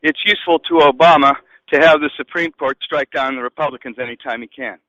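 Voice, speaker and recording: A male caller talking over the phone on a radio show, emphatic and quick. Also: mid-range voice, pushed and bright, dry recording. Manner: fast and emphatic. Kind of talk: call-in on a phone. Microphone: phone on speakerphone. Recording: dull lo-fi phone line.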